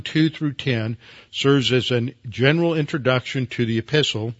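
A man preaching as a pastor in a measured teaching sermon, often pausing with fillers and restarting his words. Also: mid-range voice, a bit bright, dry recording, lo-fi sound. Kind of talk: expository Bible teaching.

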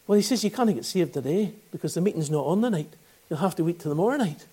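Northern Irish male preacher, 60s, high-pitched, earnest and fervent gospel storyteller. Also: expressive, fast, warm tone, breathy edge. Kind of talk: gospel sermon testimony.

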